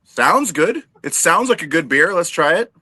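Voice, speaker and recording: Brief: wisecracking man, bright lively delivery, dry mic. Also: a little high, moderate pace, no room sound. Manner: wisecracking, self-deprecating. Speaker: podcast co-host. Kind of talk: casual banter show.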